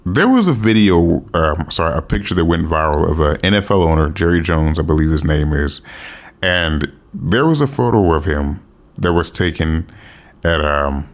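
Man, very deep voice, casual monologue, rambling, self-correcting, offhand swearing. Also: lively intonation, normal speed. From United States. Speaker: commentator.

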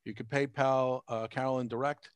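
A man's voice: mid-range voice, little pitch movement, normal speed, clean tone, no room sound. A man hosts a casual podcast and talks through plugs at a rambling pace, filling gaps with lots of uh's. His voice sits in an ordinary middle range. The recording is dry and close, with no room sound. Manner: chatty, rambling plugs with many fillers. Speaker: podcast host.

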